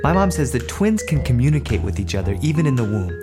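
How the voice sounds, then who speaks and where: Man, storyteller, personal childhood tale, expressive, acts out family voices, music playing behind. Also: medium pitch, quick pace.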